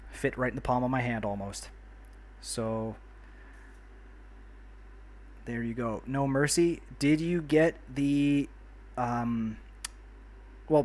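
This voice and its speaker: A man from New York hosting a casual game livestream, chatty and friendly, greeting and thanking viewers by name as he plays. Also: medium pitch. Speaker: livestream host. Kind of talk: casual livestream chat while playing a city builder.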